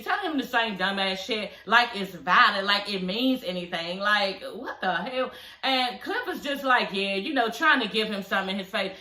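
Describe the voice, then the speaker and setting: A woman's voice: mid-range voice, animated, a little fast, bright, forceful tone. Sassy woman ranting in an echoey room. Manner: sassy and blunt, swears freely, laughs often, many "you know what I'm saying" tags. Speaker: reality TV recap vlogger. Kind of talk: casual recap rant.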